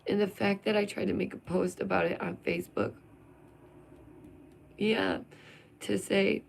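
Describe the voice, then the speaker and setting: A woman's voice: mid-range voice, fairly even intonation, unhurried, gravelly, husky. A woman vlogger venting in an emphatic, sarcastic monologue full of rhetorical questions.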